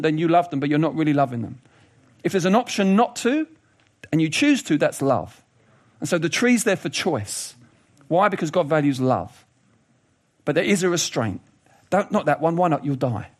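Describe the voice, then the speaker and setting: A man delivers a sermon in an easy, conversational way. His voice sits a little high and moves a lot, rising and falling as he plays with jokes, asides and mock voices. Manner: conversational, animated, does funny voices and asides. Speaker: preacher.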